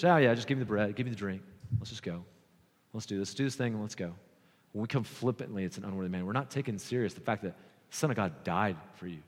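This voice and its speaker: A man preaching a sermon as pastor, earnest and emphatic, slowing down to repeat his key points. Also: lowish voice, in a large hall.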